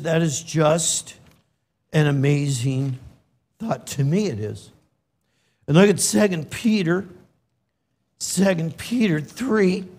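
Slow, emotional high-voiced male preacher. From California. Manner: slow and emotional, swinging from loud emphasis to hushed near-whisper. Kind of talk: sermon.

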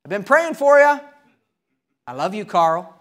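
A man voicing an elderly, kindly male preacher who greets his neighbor gently. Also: sits high, big pitch swings, measured pace, pitched above the performer's own voice. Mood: cheerful.

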